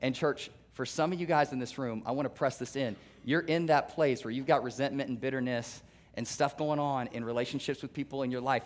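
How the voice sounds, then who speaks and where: Emphatic, joking male pastor preaching. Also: mid-range voice. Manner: conversational, humorous and emphatic. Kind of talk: sermon. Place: church sanctuary.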